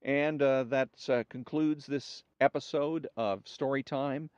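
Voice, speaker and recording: A man hosting a show, reading jokes aloud in a relaxed storytelling way and acting out the characters' lines. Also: mid-range voice, takes it slowly, clear, resonant tone, no echo, dull audio. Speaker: host.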